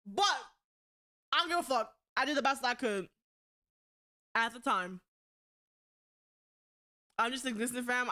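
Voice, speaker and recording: Young woman streamer, loud and sweary, bright tense voice, kinda high. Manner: loud, blunt and profane, often laughing. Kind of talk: casual live-stream chat.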